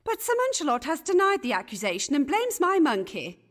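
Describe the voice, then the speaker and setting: A chattering Elizabethan gentlewoman, high-pitched and full of swooping inflection. She gossips in archaic with a huffy edge, and her voice has a long reverberant tail. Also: wildly swooping pitch, brisk. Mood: gossipy. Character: gossipy Elizabethan lady, flustered and indignant. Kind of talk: voiced game dialogue in Elizabethan English.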